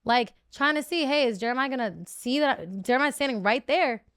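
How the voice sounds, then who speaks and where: A woman's voice: high voice, fairly quick, a crowd in the background. A woman in her twenties, a guest telling her story in casual chat, emotional and full of fillers.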